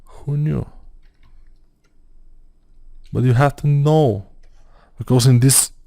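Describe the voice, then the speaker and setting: A man's voice: mid-range voice, steady tone, unhurried, mellow, dry recording, studio quality. A man casually giving advice about learning, repeating words as he thinks aloud with frequent fillers.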